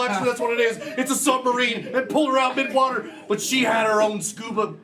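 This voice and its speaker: High-voiced man narrating improv. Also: little pitch movement. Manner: rapid, loud, comic storytelling. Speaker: improv performer. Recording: distant stage mic, audience. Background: audience crowd.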